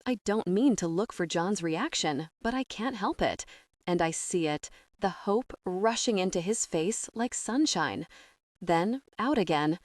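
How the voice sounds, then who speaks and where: A woman reading a first-person romance audiobook in a soft, intimate, emotional way. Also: on the low side, expressive, measured pace, dry recording, clean studio sound. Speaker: audiobook narrator. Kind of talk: first-person scripted narration.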